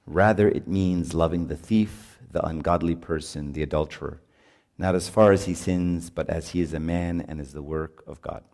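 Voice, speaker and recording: A middle-aged man preaching at a retreat in an animated way, acting out voices of parents and children as he teaches. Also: sits low, normal speed. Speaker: priest. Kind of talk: retreat sermon.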